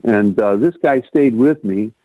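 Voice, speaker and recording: A man, a guest on a podcast, telling a personal story in an animated way. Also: fairly low pitch, unhurried, no echo. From Rockford, Illinois, US. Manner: animated storyteller, acts out quoted lines in a raised voice. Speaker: guest, music producer. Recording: tinny phone-like line, dry.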